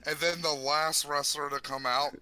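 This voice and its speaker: A man's voice: a little high, steady tone, moderate pace, bright, forceful tone, a little hiss or hum. A man in a casual comedic chat who builds long, absurd bits step by step.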